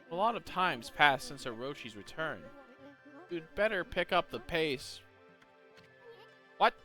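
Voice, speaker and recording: A man's voice: medium pitch, sharp tone. A man reading aloud as a smug, lofty young male prophet swordsman, in a theatrical, teasing manner. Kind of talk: reading game dialogue aloud.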